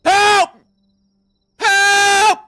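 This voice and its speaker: A man's voice: extremely high pitch, completely flat delivery, extremely slow, bright, forceful tone, voice pushed up, exaggerated voice. A man putting on a panicky male coworker who screams for help from down the hall. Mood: frantic. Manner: shrieking from a distance.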